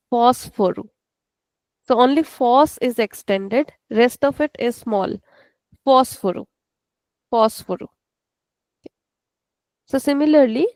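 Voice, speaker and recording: A woman with an Indian English accent teaches a class over a video call. She explains patiently, step by step. Her voice is a touch high, with a gravelly edge, and the sound is dry and close. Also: dark tone, no echo, low-quality recording. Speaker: language teacher.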